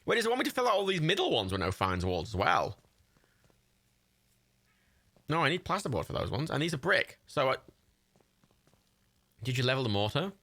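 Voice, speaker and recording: A man's voice: medium pitch, sing-song, fast talker, creaky, a bit bright, dry recording. A young man chatting casually while playing a building game, often confused, laughing and swearing. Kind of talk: casual gameplay chat.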